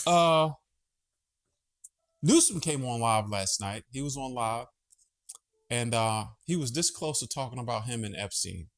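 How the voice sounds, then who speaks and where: Guy rambling on his home vlog, swears casually, gets sidetracked, voice bouncing all over. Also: medium pitch. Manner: rambling, chatty, profane, easily sidetracked. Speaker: vlogger host.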